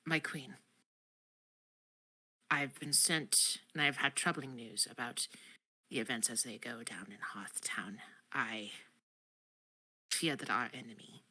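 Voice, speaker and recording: Woman doing earnest spellcaster girl, super low husky voice, soft and halting. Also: exaggerated voice. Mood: worried. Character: earnest young woman spellcaster, devoted courtier.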